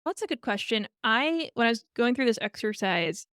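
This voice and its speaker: Woman co-host, casual chat, fairly high voice, lively retelling, dry studio sound. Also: normal speed, clean tone, dry recording. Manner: animated storytelling, retelling a tale with quoted lines and laughs. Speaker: podcast co-host.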